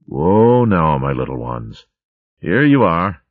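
A strong, kindly warrior mouse, as a man puts him on, speaking gently and reassuringly in a voice close to the reader's own deep one. The storybook sound is dry and slightly muffled. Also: big pitch swings, slow, no echo, heavily acted.

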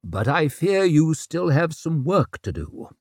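A man doing a calm, neat surgeon. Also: on the high side, dry recording, studio quality, voice pushed up, heavily acted. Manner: calm and measured. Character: calm, neat male surgeon, matter-of-fact.

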